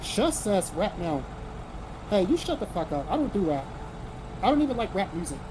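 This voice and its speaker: South carolina guy streaming, reads chat out loud and swears a lot, blunt, kinda noisy mic with cars going by. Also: high-pitched, very animated, normal speed. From South Carolina, American South. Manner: blunt, profane, reads viewer comments aloud. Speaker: livestream host reading chat. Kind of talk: casual livestream chat.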